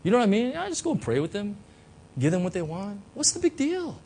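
A man's voice: sits high, huge pitch swings, quick pace, mellow, slight background noise. A man preaching a sermon as pastor, talking conversationally with many fillers and rhetorical questions. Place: church.

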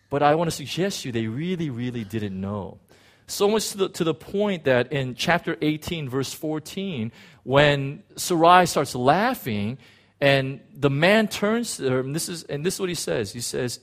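A man preaching a sermon in an animated way, acting out biblical figures, with frequent restarts. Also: on the high side, unhurried. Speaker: pastor.

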